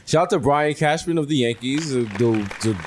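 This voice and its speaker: A man's voice: a little high, fairly quick, crowd noise, background noise. A man in his thirties with a New York accent, co-hosting a podcast in casual comedic banter, riffing and acting out little voices. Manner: riffing, acts out voices in bits. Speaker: podcast co-host.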